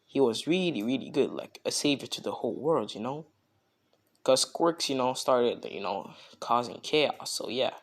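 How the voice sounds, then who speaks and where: A man's voice: mid-range voice, lively intonation, normal speed. A young man casually making up a fan story, rambling and filling gaps with "you know.".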